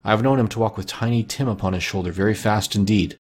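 A man reading a gentle worried mother. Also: on the low side, quick pace, lightly acted. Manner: steady, gentle. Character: patient worried Victorian mother. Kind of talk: audiobook reading.

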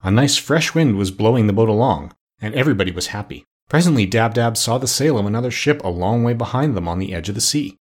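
A man reading a children's story aloud as an audiobook narrator, with steady storytelling. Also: on the low side, quick pace, hardly any pauses. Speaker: audiobook reader. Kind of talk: scripted narration.

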